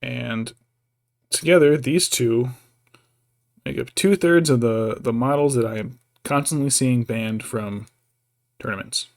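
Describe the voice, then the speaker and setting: A man's voice: medium pitch, a little slow, pauses often. Rambling, joking male streamer. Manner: rambling, self-interrupting, jokey; baby-talk to his pet between asides. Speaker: streamer painting miniatures. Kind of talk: casual live-stream chat.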